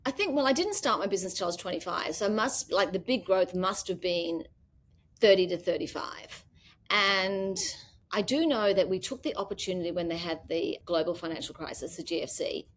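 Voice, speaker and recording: Woman, Australian accent, middle-aged, lively storyteller, interview guest. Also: lowish voice, moderate pace, a little hiss or hum. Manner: animated storyteller, acts out quoted dialogue. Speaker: business founder, guest. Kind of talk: casual interview chat.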